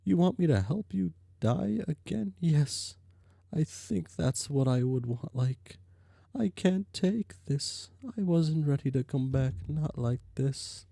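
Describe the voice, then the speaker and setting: A tearful young canine spirit girl who keeps breaking into sobs and pleading with slow, gravelly sadness, voiced by a man reading a webcomic aloud. The tone is dark and mellow, dry and close, with no room around it. She wallows in loss and fear. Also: a little high, animated, no echo, heavily acted. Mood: despairing. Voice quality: sobbing, whimpering. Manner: tearful, self-pitying. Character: grieving ghostly dog-girl spirit, young, sobbing.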